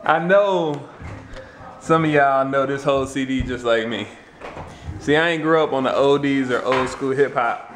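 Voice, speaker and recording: A man's voice: medium pitch, normal speed, background noise. A man hosting a casual home vlog, joking around in a playful way and now and then singing along. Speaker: vlog host. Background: gospel music playing faintly.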